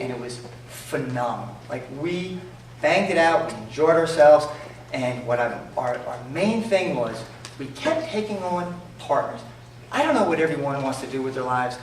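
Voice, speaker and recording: A man with a New York accent tells animated, jokey business stories to an audience, acting out each exchange. His voice sits fairly high and swings widely in pitch. He is picked up from a distance in a very echoey room with faint background noise. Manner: animated, jokey, acts out dialogue. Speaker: entrepreneur speaker. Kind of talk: storytelling talk to an audience.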